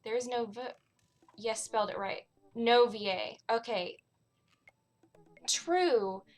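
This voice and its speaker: A woman's voice: on the high side, fairly even intonation, slow pace. A young adult woman streamer chatting casually over a game, with frequent laughs and wry asides.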